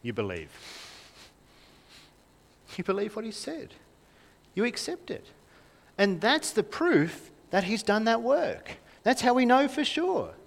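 Lively young man preaching a sermon. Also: high-pitched, takes it slowly, creaky, pauses often. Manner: lively, conversational, asks the congregation questions. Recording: reverberant hall.

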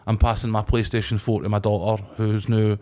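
Scottish guy in his 40s, lowish voice, chatty podcast cohost, swears a bit. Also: flat delivery, a little fast, warm tone. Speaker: podcast co-host. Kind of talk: casual chat.

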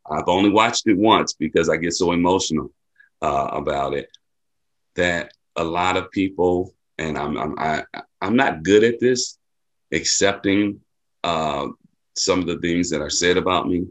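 A man's voice: low voice, unhurried. A man from Milwaukee, an athletic director and mentor, answering interview questions in an earnest, heartfelt way that often repeats a phrase. He gets emotional as he speaks. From Milwaukee, USA. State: emotional, near tears.

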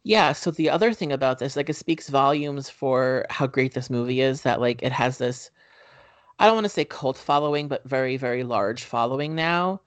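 A man in the middle of a chatty recap, talking loosely with plenty of ums and casual swearing. His voice sits at an ordinary pitch. The sound is dry and close, with no room around it. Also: moderate pace, no room sound. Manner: rambling, filler-heavy, swears casually. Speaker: podcast host. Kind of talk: casual movie recap chat.

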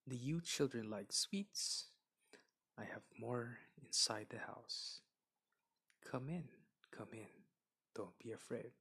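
A wicked old storybook witch, put on by a man growls and scolds in a husky, creaky voice. Her words come slow and sharp, with a bright edge. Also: medium pitch, lively intonation, exaggerated voice. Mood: coaxing. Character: cruel old witch woman who eats children.

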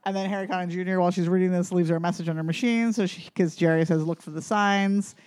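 A woman's voice: lowish voice, steady tone, rapid-fire, warm tone, no echo. A young woman co-hosting a podcast, chatting casually and swearing a lot as she rambles through a recap. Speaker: podcast co-host. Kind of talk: casual chat about films and music.

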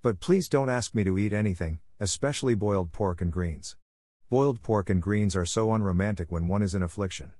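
A dramatic, wide-eyed orphan girl, read by a man, gushing and theatrical about every little thing. The voice stays low, with a dry, close storybook sound. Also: a little fast, warm tone, no room sound, close to an everyday voice. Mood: wistful. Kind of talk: audiobook character reading.

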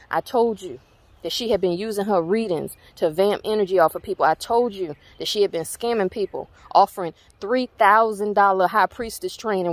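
A woman's voice: mid-range voice, dry recording. A woman with a Southern US accent ranting to her viewers, blunt, emphatic and full of profanity. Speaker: spiritual channel host. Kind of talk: heated rant to viewers.

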